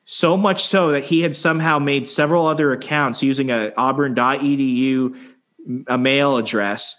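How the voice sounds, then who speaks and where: A young man casually telling a story, swearing freely and acting out quotes with animated delivery. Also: medium pitch, normal speed. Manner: profane, animated, acts out quotes.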